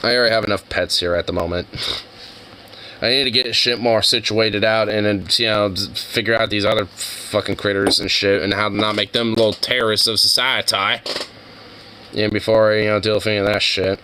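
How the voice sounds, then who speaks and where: A man's voice: on the low side, fairly even intonation, brisk, pushed and bright, a little hiss or hum, rough recording. A young man chatting casually over videos, rambling and swearing, with many fillers. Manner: profane, rambling, full of fillers. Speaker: streamer reacting to videos. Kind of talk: casual chat.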